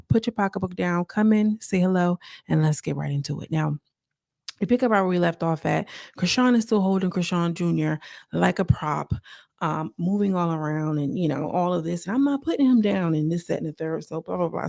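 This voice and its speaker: Woman reality-show reviewer, chatty and direct with viewers, low pitch with a raspy fry. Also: darkish tone, dry recording, clean studio sound. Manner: chatty, talks straight to viewers, acts out quotes. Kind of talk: casual recap commentary.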